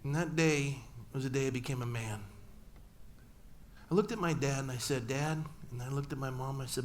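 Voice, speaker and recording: A man's voice: medium pitch, normal speed, a little hiss or hum. A middle-aged man, a pastor, telling a personal story in a sermon and acting out family dialogue with humor. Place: church sanctuary.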